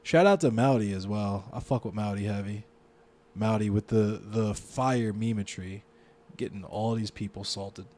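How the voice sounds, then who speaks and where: Profane streamer with a Baltimore accent. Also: male voice, on the low side, normal speed. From Baltimore, United States. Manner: profane, reacts loudly to what he reads. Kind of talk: casual live-stream chat, reading news aloud.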